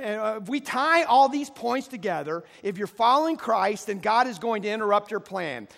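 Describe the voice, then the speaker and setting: Male pastor, high voice, impassioned sermon delivery, church hall with a long reverb tail. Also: creaky, fairly bright tone. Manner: impassioned preaching, rising to emphatic peaks; leads the congregation in call and response. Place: church sanctuary.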